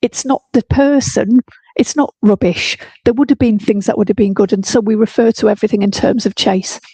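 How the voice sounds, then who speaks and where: A woman's voice: medium pitch, steady tone, dark tone, slightly rough, dry recording. A woman, a school head, giving a blunt, earnest webinar talk over a computer mic on a video call. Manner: blunt, earnest, talks fast. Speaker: guest speaker, school head.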